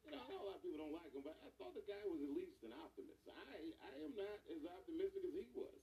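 Animated male stand-up comic, roomy. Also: high voice, quick pace, far from the mic, crowd noise. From Ohio. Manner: animated, mocking punchlines, puts on other voices. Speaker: stand-up comedian. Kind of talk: stand-up comedy set. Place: stage before a live audience.

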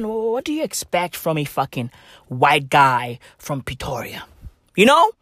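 A woman doing a comedic rant, full of slang and swearing, leaning on "bro" and "bruv", and swinging between shouts and whispers. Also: medium pitch, no room sound, clean studio sound.

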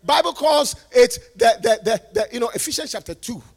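A male preacher giving a sermon, moving from quiet talk to shouted, sing-song preaching. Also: very high-pitched, animated, normal speed, creaky. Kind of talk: sermon at a conference.

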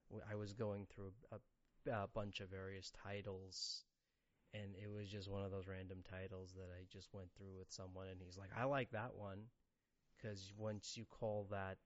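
Podcast host, male, deeper voice, loose rambling chat with frequent restarts; slightly lo-fi recording. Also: no room sound. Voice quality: rambling, self-interrupting. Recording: slightly dull lo-fi sound.

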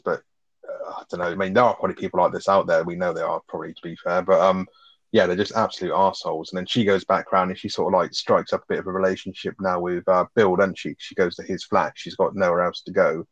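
A man co-hosting a casual film review podcast, blunt and profane with quick asides. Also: sits low, steady tone, no echo. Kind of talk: casual sweary film chat. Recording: dry, dull lo-fi sound.

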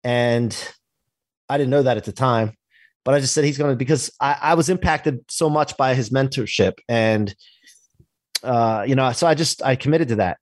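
A man telling a personal business story in a casual interview, animated and acting out the dialogue. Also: mid-range voice, normal speed, dry recording, clean studio sound. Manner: animated, acts out quoted dialogue, swears casually. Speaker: podcast guest, entrepreneur.

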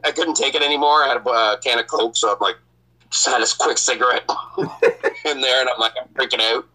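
Man, podcast host, bright voice, casual storytelling, swears, laughs. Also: medium pitch, fairly even intonation, fast, poor audio. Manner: profane, laughs often.

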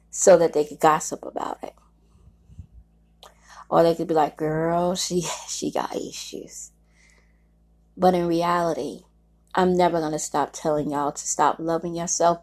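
Woman talking straight to you, mellow low voice, blunt, keeps repeating herself for emphasis. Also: vocal fry. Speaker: vlogger giving life advice. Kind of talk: candid motivational talk to camera.

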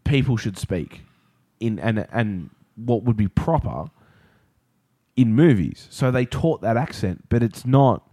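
A man's voice: mid-range voice, expressive, slow pace, dark tone, dry recording, clean studio sound. A man co-hosting a casual podcast chat, laughing often and rambling playfully between tangents. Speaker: podcast co-host.

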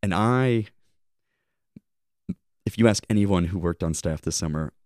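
A man's voice: deep voice, a little slow, a little mellow, no echo, clean studio sound. A man co-hosting a podcast, reflecting on his summer leading camp in a rambling, heartfelt way, often restarting his sentences. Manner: rambling, self-correcting, heartfelt. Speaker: podcast co-host, camp leader. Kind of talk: casual reflective podcast chat.

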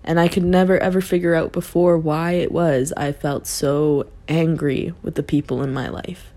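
Candid and reflective, this young podcast host talks through her own thoughts in a low, mellow voice at normal speed with little pitch movement. She often starts sentences over and laughs readily.

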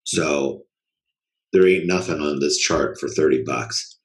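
A man's voice: very deep voice, slow. A man co-hosting a podcast in casual chat, laid-back, trailing off and swearing casually. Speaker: podcast co-host.

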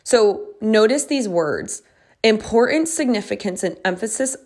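A woman's voice: mid-range voice, lively intonation, normal speed, darkish tone. Chatty woman podcast host, reflective. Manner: chatty and reflective, many "like" fillers and restarts. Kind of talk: casual solo podcast monologue.

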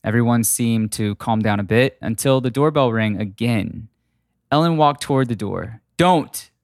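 A man reading a comic ghost story aloud in a wry, deadpan way. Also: mid-range voice, normal speed, dry recording, studio quality. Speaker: narrator. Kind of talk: storytelling narration.

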